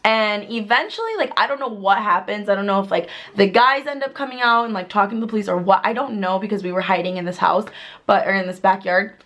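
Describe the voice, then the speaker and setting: A woman in her twenties telling a story to camera in a chatty, filler-heavy way, bursting into excited quoted voices. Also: medium pitch, fast. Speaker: vlogger. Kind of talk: casual storytime vlog.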